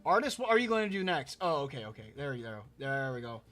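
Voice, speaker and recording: A man's voice: mid-range voice, big pitch swings, quick pace, a bit bright. A man hosting a casual drawing live stream, rambling and repeating words as he reads chat aloud. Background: faint background music.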